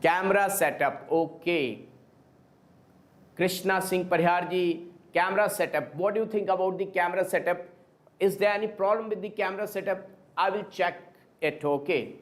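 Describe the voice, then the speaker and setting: A man teaching a live online chemistry class, talking slowly and repeating himself as he calls his students kids. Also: high-pitched. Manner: slow, repetitive, addresses students as kids.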